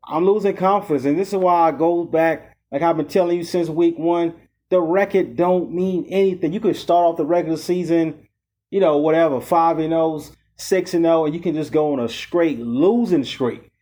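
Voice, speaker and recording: A man talks casually into a close mic as host of his own fantasy football show. His voice sits a bit high for a man. He sounds frustrated, and his speech is loose, full of "you know" and "okay?". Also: normal speed, mellow. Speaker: podcast host.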